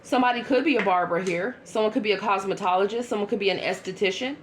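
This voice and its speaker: A woman giving a casual tarot reading to her viewers, chatty and blunt, with quick asides. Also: medium pitch, slight background noise. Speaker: tarot reader.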